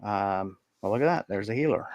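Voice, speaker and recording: A man's voice: lowish voice, animated, a little fast, a little mellow, dull audio, slight background noise. A man narrating a tabletop role-playing game as game master, hesitant and full of ums and restarts.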